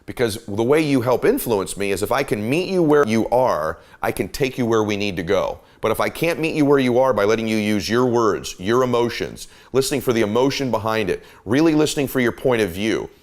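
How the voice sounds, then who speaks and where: A man's voice: medium pitch, animated, fairly quick, few pauses. A middle-aged man hosting a motivational talk, coaching listeners in an emphatic, repetitive cadence. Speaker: host.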